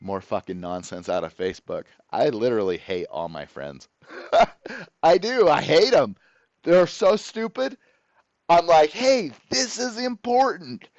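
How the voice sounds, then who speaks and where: A man's voice: medium pitch, animated, a little slow, darkish tone, no room sound, highs cut off. A man ranting to the camera as host of his own channel, profane, sarcastic and exasperated.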